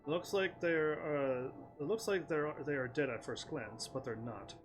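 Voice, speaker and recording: A man's voice: fairly high pitch, unhurried. A man casually commentating while playing a game, reading the dialogue aloud, often laughing and playful. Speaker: gaming streamer. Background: game music.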